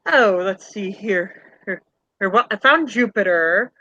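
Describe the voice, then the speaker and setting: A man's voice: high-pitched, animated, a little slow, pushed and bright, no echo. Easygoing man on dry, dull stream audio. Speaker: panel guest. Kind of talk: casual livestream chat.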